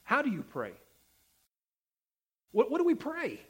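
A man preaching a sermon, emphatic and repetitive, with sharp swings between loud and soft delivery. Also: extremely high pitch, wildly swooping pitch, unhurried, slightly rough. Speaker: pastor.

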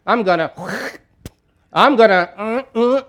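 A man preaching who acts out a male healer speaking urgently and emphatically to a deaf man, with his voice raised in pitch. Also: animated, unhurried, fairly bright tone. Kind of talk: sermon.

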